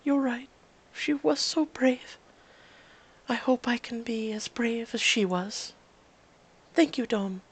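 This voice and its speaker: A woman reading aloud gives a gentle servant girl a raised, soft, wavering voice. The tone carries a gravelly catch, and the speech runs at an even pace. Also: sits high, a little slow, pitched above the performer's own voice, exaggerated voice, poor audio. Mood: grieving.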